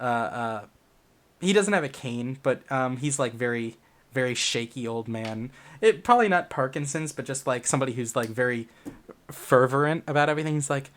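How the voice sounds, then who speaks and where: A man's voice: mid-range voice, a bit bright. A young man running a tabletop game, narrating in a loose, rambling way full of fillers and swearing. His voice sits in an ordinary middle range. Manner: casual, profane, filler-heavy storytelling. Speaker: game master.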